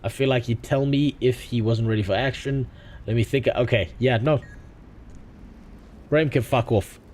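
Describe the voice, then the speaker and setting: A man's voice: mid-range voice, moderate pace, darkish tone, a little hiss or hum. A man streaming a game, reading the dialogue aloud and making crude, profane jokes. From South Africa. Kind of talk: casual gaming stream commentary.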